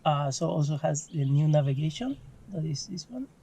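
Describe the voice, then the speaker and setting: A man's voice: on the high side, expressive, normal speed, warm tone, breathy edge. A man from Chile with a Spanish accent, chatting hesitantly from the driver's seat of a car. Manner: hesitant, lots of fillers, laughs easily. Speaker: car owner guest. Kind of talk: casual chat. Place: inside a car.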